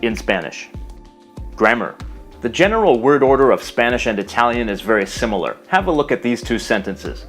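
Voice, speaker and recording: A man narrating a scripted language lesson, explaining carefully and slowing down to pronounce example words. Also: medium pitch, sing-song, fairly bright tone, faint music behind. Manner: measured, explanatory, slows to pronounce foreign words. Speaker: language teacher.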